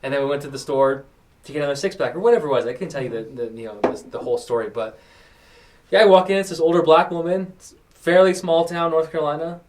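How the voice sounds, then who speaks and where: A man's voice: a little high, fast talker, far from the mic, a little hiss or hum. A young man from New Mexico hosting a podcast, telling stories in casual chat and acting out the people in them. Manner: storytelling, acts out quoted people. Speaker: podcast host.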